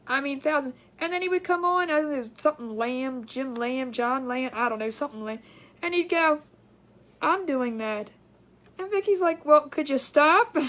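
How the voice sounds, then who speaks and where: A high-pitched woman chatting on a crafts livestream. She rambles, retells conversations and stretches out her hellos to viewers in a sing-song way. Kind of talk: casual livestream chat.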